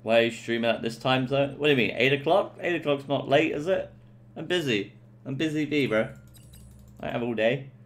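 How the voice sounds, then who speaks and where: A man's voice: mid-range voice, fairly quick. A young man streaming from home, chatting casually as he plays, laid-back and jokey with plenty of swearing. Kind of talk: casual live-stream commentary.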